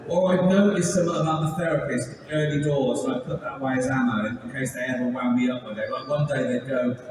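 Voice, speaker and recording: A man's voice: medium pitch, fairly even intonation, fast, hardly any pauses, a little mellow, a little hiss or hum. An English man in his sixties doing a stand-up comedy set in a large arena, laughing through his lines, swearing freely and acting out both sides of his stories. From England. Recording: echoey arena sound from far off.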